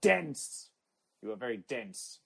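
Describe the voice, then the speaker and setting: A man's voice: mid-range voice, very animated, takes it slowly, vocal fry, slightly rough, low-quality recording. A man hosting an absurdist comedy podcast who talks about himself in the third person, speaks formally without contractions and repeats his catchphrases like a chant. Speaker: podcast host. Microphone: phone app audio.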